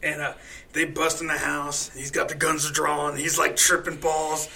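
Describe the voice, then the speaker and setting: A man with a high, bright voice, retelling a film in an animated, profane way. He jumps into loud acted-out lines now and then, swearing freely as he goes. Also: unhurried, vocal fry. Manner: animated, profane, acts out quotes loudly. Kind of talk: casual chat, retelling a movie.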